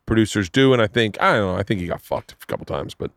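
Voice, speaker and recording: A man hosting a podcast, telling long animated stories in casual chat, swearing freely. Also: fairly low pitch, quick pace, slight background noise. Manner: animated, profane storyteller doing voices. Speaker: podcast host.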